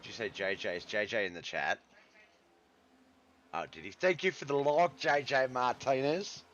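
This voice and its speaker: A man's voice: medium pitch, moderate pace, fairly bright tone, muffled recording, slight background noise. A man hosting a live stream, giving casual commentary on a racing league and chatting with viewers in the chat, whom he calls brother. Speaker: stream host and race commentator.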